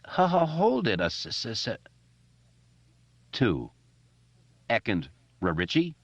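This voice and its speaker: A man's voice: medium pitch, huge pitch swings, takes it slowly, no room sound, lo-fi sound, pitched above the performer's own voice, heavily acted. A man voicing an earnest young boy who stutters heavily as he talks to his friend. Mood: urging. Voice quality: heavy stutter.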